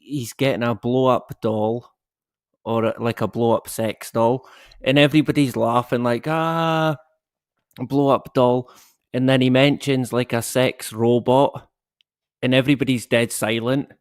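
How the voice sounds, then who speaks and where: A man's voice: medium pitch, level tone, moderate pace, no room sound, studio quality. A man chatting as a guest, hesitant and laughing as he tells stories. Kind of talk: casual chat.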